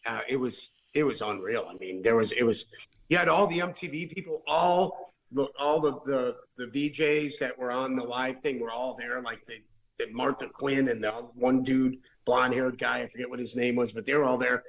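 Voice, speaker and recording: A man's voice: medium pitch, normal speed, creaky, poor audio. A late-middle-aged man, a rock musician guest, telling stories in a casual, rambling way, full of restarts and fillers. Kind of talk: casual storytelling.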